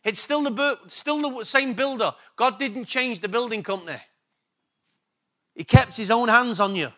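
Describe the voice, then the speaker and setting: A man's voice: extremely high pitch, normal speed, fairly bright tone. A man with an English accent preaching a sermon, repeating key words for emphasis and asking the congregation questions. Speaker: pastor.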